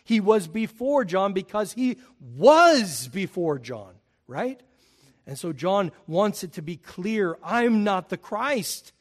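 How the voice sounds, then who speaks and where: Pastor, male, high voice, emphatic sermon delivery. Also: sing-song, slow pace. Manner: emphatic, rising in pitch and volume on key points.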